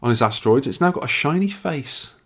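A man's voice: medium pitch, animated, a little fast, husky. Chatty, tired podcast man. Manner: chatty, rambling storyteller with restarts. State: tired and yawning. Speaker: podcast co-host. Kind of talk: casual chat.

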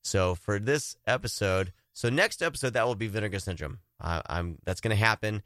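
Dude hosting a podcast, lowish voice, rambly and laughy, dry close sound. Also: male voice, lively intonation, a little fast, fairly bright tone, no room sound. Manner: rambling, laughs often, restarts. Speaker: podcast host. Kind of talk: casual chat.

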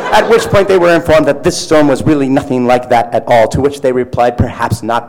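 A man voicing a pompous, overdramatic male narrator of epic fantasy, reading with grand, halting emphasis. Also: medium pitch, darkish tone, a little hiss or hum, natural voice, low-quality recording. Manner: grandiose, halting, overemphatic delivery. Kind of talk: dramatic reading in a put-on voice.

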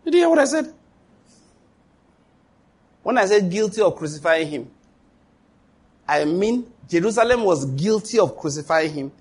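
A man preaching a sermon as pastor, emphatic, asking rhetorical questions and leaping up in pitch for exclamations. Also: big pitch swings, normal speed, long pauses, breathy edge.

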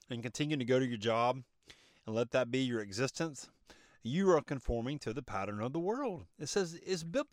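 A man's voice: medium pitch, dry recording, studio quality. A man hosting a motivational podcast, recorded on a phone in his car, speaking in an emphatic, preachy way with a slightly choked-up throat. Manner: preachy, emphatic, asks himself rhetorical questions. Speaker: podcast host. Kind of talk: motivational monologue.

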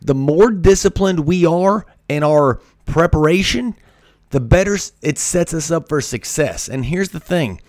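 This podcast host has a fairly high, darkish voice and talks a little slowly, yet he's energetic as he discusses discipline in a motivational monologue. He keeps repeating key points for emphasis, and the studio-quality audio is free of echo.

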